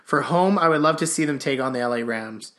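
A man's voice: mid-range voice, a little fast, fairly bright tone. A man hosting a podcast in casual chat, reading out listener questions in a laid-back way and swearing casually. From Canada. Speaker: podcast host.

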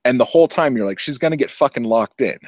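A man's voice: mid-range voice, quick pace, no echo. A man casually recapping a film, swearing a lot and acting out the characters' lines as he goes. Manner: profane, animated storytelling with acted-out quotes. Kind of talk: casual movie recap chat.

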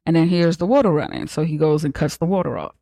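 Casual, profane movie recapper, mellow voice. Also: mid-range voice, lively intonation, fast talker, gravelly, no room sound. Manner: slangy, profane, joking asides. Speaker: podcast host.

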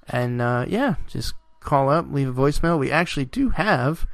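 A man in his forties hosting a casual podcast, relaxed and laughing easily. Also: mid-range voice, normal speed, few pauses. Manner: relaxed, laughs often, filler words. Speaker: podcast host.

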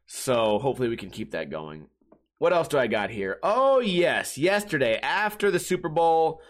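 A middle-aged man talks alone on his podcast in a slightly high voice. He rambles loosely from one tangent to the next, swears freely and pokes fun at himself along the way. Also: fairly bright tone. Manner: rambling, swearing, self-mocking, goes off on tangents. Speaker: podcast host. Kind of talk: casual solo podcast rambling.

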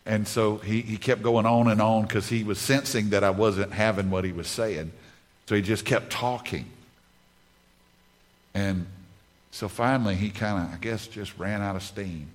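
A man's voice: on the low side, steady tone, a little slow. A man preaching a sermon at a conference, emphatic, repeating key phrases over and over. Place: conference stage.

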